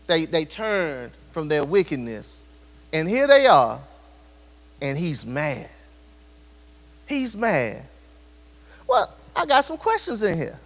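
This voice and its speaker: A man's voice: a little high, wildly swooping pitch, slow, long pauses, a bit bright. A man preaching a sermon in a church, addressing the congregation directly with repeated rhetorical questions. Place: church sanctuary. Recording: long church hall reverb.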